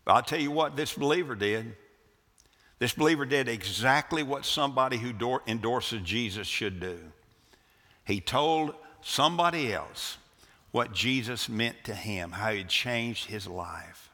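Bright-voiced preacher man in a hall. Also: animated, unhurried. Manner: earnest preaching with frequent restarts, swinging pitch and volume. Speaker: pastor. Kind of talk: sermon. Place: church sanctuary.

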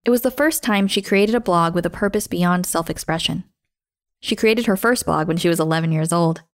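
A woman hosting a show, reading a scripted story in a measured, expressive way that slows down for emphasis. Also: on the low side, no echo, studio quality. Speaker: podcast host and narrator.

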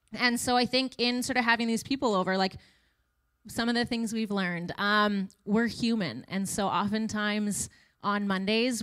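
A woman in her thirties shares a casual, chatty testimony at church in a mid-range, somewhat bright voice. She sprinkles in self-deprecating asides.

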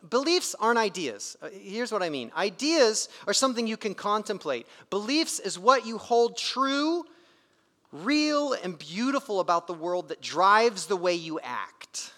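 A man's voice: sits high, sing-song, unhurried, pushed and bright. A man preaching a sermon in an emphatic, conversational way, his volume rising and dropping sharply. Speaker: pastor. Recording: reverberant hall.

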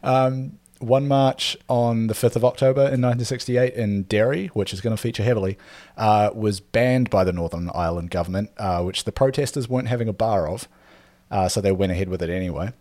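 A man casually talking through a history topic on a podcast, with lots of ums and quick laughs. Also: fairly low pitch, warm tone, no room sound. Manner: rambling, filler-heavy, laughs often. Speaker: podcast co-host presenting history.

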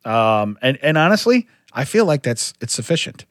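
Forties guy on a podcast, super lively pitch, dry close mic, acts out what people said. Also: normal speed, dry recording. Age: 40s. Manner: animated storyteller, acts out quotes. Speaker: podcast co-host. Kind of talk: casual chat.

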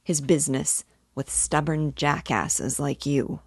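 A woman reading aloud, voicing a cold male hired gunman who talks softly, quick and sharp. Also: low voice, fairly even intonation, breathy edge, dry recording, clean studio sound, heavily acted. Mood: menacing.

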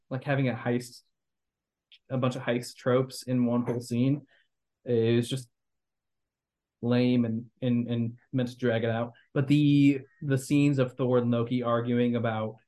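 A man's voice: mid-range voice, a little mellow. A young man hosting a podcast, rambling critically about a movie with lots of fillers and restarts. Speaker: podcast host. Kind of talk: casual movie review chat.

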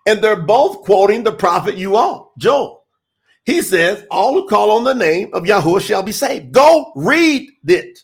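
Guy preaching casual and emphatic, high voice with some gravel in it. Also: fairly bright tone. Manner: emphatic, conversational, rhetorical questions. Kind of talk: informal sermon.

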